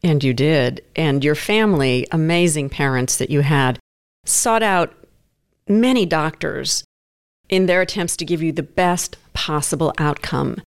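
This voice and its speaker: A woman's voice: deep voice, lively intonation, a little slow, clear, resonant tone. A woman interviewing a guest, asking direct questions and recapping his story.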